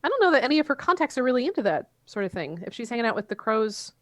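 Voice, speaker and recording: Woman player, high and very expressive voice, playful, quick to laugh. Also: a crowd in the background. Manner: animated, playful, laughs a lot. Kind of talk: casual tabletop play chat.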